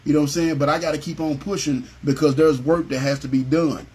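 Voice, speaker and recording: A man's voice: on the high side, little pitch movement, fast, a little mellow, slight background noise. A middle-aged man leading a Bible study over a phone, speaking conversationally and often asking "you know what I'm saying?". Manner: acts out biblical figures with a raised voice. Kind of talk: informal livestream Bible study sermon.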